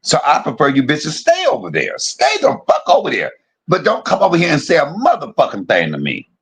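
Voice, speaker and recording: A streamer rants to his viewers, his voice rough and a little husky. He talks confrontationally, swears constantly, and his pitch rises and falls a lot as he hammers his points again and again. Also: a bit bright. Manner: profane, confrontational, repeats himself. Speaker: live streamer. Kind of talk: heated livestream rant.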